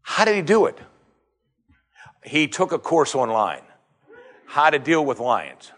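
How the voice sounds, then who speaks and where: A man preaching a sermon, firing rhetorical questions, rising to emphatic high points and dropping low again. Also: sing-song, measured pace, long pauses, fairly bright tone.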